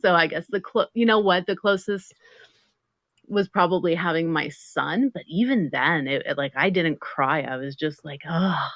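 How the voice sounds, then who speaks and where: A middle-aged woman guest telling stories in a casual interview, animated and laughing often. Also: low voice, moderate pace, no room sound, lo-fi sound. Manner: animated storytelling, laughs a lot.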